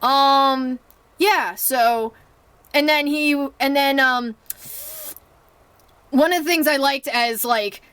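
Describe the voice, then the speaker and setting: A chatty young woman talks through a movie review in a slightly high voice, rambling with plenty of fillers and restarts. She acts out her reactions as she goes. The sound is dry and close, with no room around it. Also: slow, long pauses, fairly bright tone, no echo. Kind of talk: casual spoken movie review.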